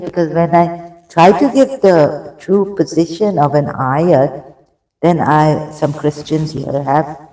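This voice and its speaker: Taking it slowly in a voice on the high side, a man reads religious passages on a live stream and reacts excitably. Breathless, he keeps stopping to cough, apologize, and start again. The sound is roomy and off-mic.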